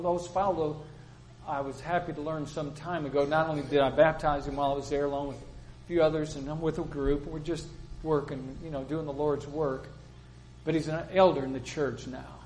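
A man's voice: fairly high pitch, darkish tone, low-quality recording. An older man preaching a sermon in a plain-spoken, storytelling way, acting out the people he quotes.

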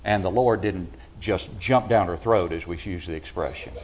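A man preaching a sermon to a congregation in a church, asking them rhetorical questions and swinging between loud, emphatic peaks and quiet, low drops. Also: moderate pace. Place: church building.

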